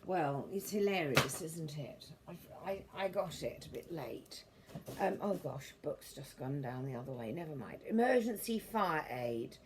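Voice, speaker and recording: A woman's voice: low voice, lively intonation, unhurried, noisy background. A middle-aged woman rambling casually as she shows off her books, meandering and a little prim, correcting herself as she goes. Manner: meandering and prim, with self-corrections and formal turns of phrase. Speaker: vlogger showing her book collection. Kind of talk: rambling casual show-and-tell.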